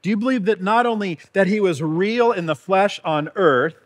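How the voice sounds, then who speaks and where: A man's voice: sits high, normal speed. Earnest man preaching a sermon. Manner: earnest, conversational, rhetorical questions. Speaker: pastor. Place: church.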